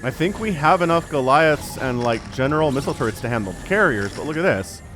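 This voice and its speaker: A man casting a real-time strategy match solo, chatty and rambling, with easily excited asides. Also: a little high, fast, soft background music. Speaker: esports caster. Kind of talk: solo game commentary.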